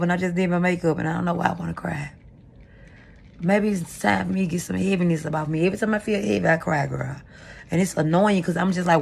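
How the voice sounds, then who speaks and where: A woman's voice: on the low side, creaky, slightly rough. A woman vlogger talking candidly to camera, rambling and confessional as she vents. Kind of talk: venting to camera. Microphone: camera mic.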